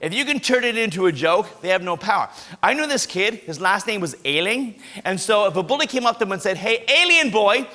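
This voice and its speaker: A man's voice: high voice, expressive, fairly quick, bright, forceful tone. A man giving an upbeat anti-bullying talk at a school assembly, coaching kids through role-play.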